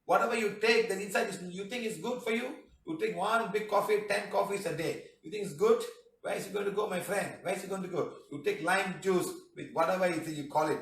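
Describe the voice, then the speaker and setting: A man's voice: sits high, fairly bright tone. A man with teaching a healing class, chiding and joking as he keeps asking "huh?". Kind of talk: lecture. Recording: echoey room, mic far off.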